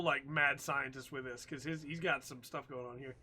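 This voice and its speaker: A man's voice: medium pitch, moderate pace, hardly any pauses, bright, forceful tone. A man streaming a game, chatting with viewers and reading in-game text aloud with joking asides. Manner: chatty, jokey, talks to chat, reads text aloud with asides. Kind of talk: casual gameplay commentary and reading aloud.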